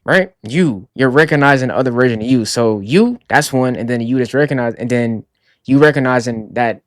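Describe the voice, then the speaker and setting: Young man in his twenties, mid-pitched, casual reflective vlog monologue, drawn-out musing delivery, dry close sound. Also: dry recording. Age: 20s. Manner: musing, drawn-out, says "bro" often. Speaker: vlogger.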